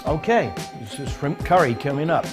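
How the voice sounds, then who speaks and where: Wry biker cooking at home. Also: male voice, a little high, animated, moderate pace, over music. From England. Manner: wry, joking, hesitant with fillers. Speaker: home cook, biker club president. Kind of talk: casual cooking demonstration.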